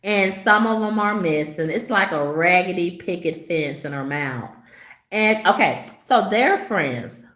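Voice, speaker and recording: Slow, sassy woman in an echoey room. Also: lively intonation, fairly bright tone. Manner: sassy, gossipy storytelling with dramatic swoops in pitch. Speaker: vlogger. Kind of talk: casual vlog storytelling to viewers.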